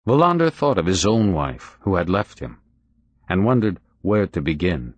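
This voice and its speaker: Deep-voiced guy reading an audiobook, lively delivery, dry close sound. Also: normal speed, dry recording. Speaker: narrator. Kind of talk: audiobook narration of a crime novel.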